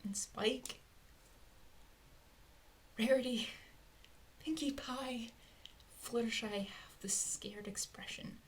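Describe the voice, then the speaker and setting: Alone at a close mic, a woman thinks aloud through a fan theory, rambling and often dropping to a whisper. Her voice is fairly high with fairly even intonation, and she goes slowly with frequent pauses.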